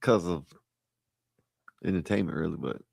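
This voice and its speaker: Low gravelly laid-back man. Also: darkish tone, no room sound, clean studio sound. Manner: laid-back, joking, halting. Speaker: stream co-host. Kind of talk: casual banter.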